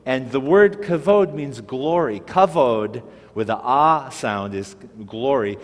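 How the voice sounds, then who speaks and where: A man's voice: mid-range voice, lively intonation, slow pace. Man teaching in a reverberant hall. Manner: patient, step-by-step, prompts listener to repeat words. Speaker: Hebrew teacher. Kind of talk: classroom-style language lesson.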